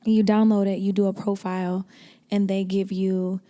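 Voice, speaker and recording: A woman's voice: medium pitch, little pitch movement, moderate pace, dark tone. A young woman co-hosting a podcast, chatting casually and acting out little quoted exchanges. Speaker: podcast co-host. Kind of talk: casual chat.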